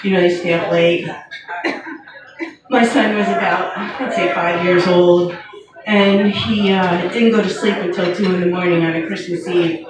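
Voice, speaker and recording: Slow, wry woman comic in an echoey room. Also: lowish voice, steady tone, crowd noise. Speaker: stand-up comedian. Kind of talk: stand-up comedy set. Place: comedy venue. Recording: echoey room heard from far off, with noise.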